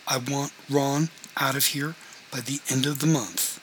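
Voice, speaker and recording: A man's voice: medium pitch, steady tone, a little slow, fairly bright tone, slight background noise, natural voice, poor audio. A man reading a novel aloud, voicing a confrontational man who lays down rules for his housemates in a firm, demanding way.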